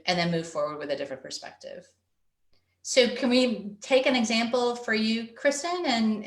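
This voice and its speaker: This is a woman parenting coach presenting a webinar over a video call, her mid-range voice echoing in the room. Earnest and explanatory, she regularly acts out what a stressed parent might be thinking.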